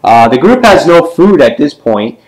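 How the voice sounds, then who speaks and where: A man casually reviewing a comic book issue, with many ums and quick character voices as he retells the scenes. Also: on the high side, sing-song, darkish tone, poor audio.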